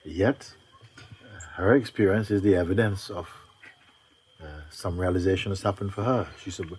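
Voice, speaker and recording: A man with a somewhat low voice leads a spiritual talk at a retreat gathering. He speaks gently and without hurry, laughing easily as he goes, with a faint hiss behind him. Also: steady tone. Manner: gentle, unhurried, often laughing. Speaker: spiritual teacher.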